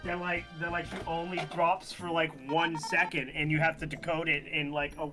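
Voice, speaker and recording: A man's voice: a little high, little pitch movement, normal speed, over music. A man chatting casually with friends on a stream call, rambling with lots of fillers and restarts. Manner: rambling, many likes and restarts. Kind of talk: casual group chat.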